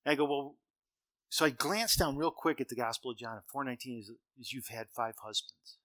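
A middle-aged man tells stories from the stage in a bright, forceful voice, easy and conversational. He slips into the lines of the people he quotes and chuckles at his own jokes. The sound is dry and close, with little room around it. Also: medium pitch, fairly quick, dry recording. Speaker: speaker. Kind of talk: humorous storytelling talk.

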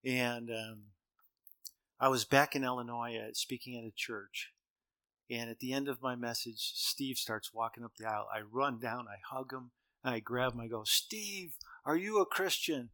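A man's voice: medium pitch, flat delivery, moderate pace, pushed and bright, clear, resonant tone, dry recording. A middle-aged man giving a talk as a speaker, telling humorous stories in a conversational way and acting out the dialogue. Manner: conversational, acts out dialogue, chuckles at own jokes.

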